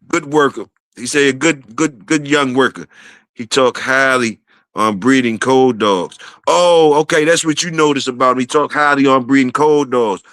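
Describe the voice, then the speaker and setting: A man, his voice bright and a little high, hosts a casual livestream. He keeps shouting out viewers and says his key phrases again and again. The sound is dry and close. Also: no room sound. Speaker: livestream host.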